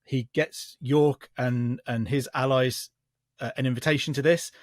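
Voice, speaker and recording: A man, a historian guest, calmly telling history in a podcast chat with frequent restarts. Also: medium pitch, no room sound, studio quality. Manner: measured storytelling with frequent restarts. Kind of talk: casual podcast explanation of history.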